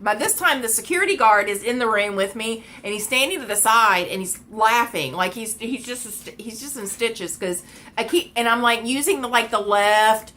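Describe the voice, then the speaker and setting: Woman vlogger, lively swooping voice, bright tone, exasperated, laughing rant. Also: a little high, brisk, a little hiss or hum. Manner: animated, exasperated, laughing, repeating herself. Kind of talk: casual storytelling rant.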